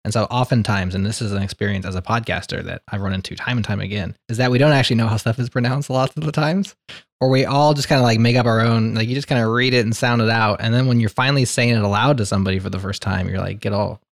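A man hosting a podcast, telling stories in a casual, animated, joking way. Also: fairly low pitch, creaky, no echo, clean studio sound. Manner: animated storyteller, quick and joking. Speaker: podcast host. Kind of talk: casual panel chat.

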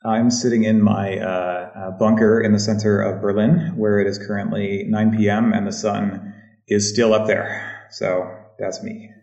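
A man's voice: lowish voice, level tone, measured pace, darkish tone. A man speaking as a podcast panel guest, hesitant and full of fillers. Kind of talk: casual panel chat. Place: home room. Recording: distant, roomy, dull remote audio.

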